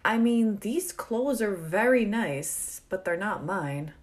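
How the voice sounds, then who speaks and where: A woman's voice: medium pitch, animated, takes it slowly, voice pushed up. A woman voicing a flustered, charming young male college student who is apologetic and bashful, in a read-aloud story.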